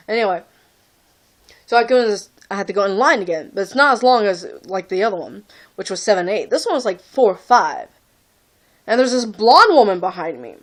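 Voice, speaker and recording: A woman's voice: a little high, animated, brisk. Exasperated young woman ranting into her phone. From Texas. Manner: rambling and exasperated, full of "like". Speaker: vlogger. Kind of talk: casual storytelling to camera.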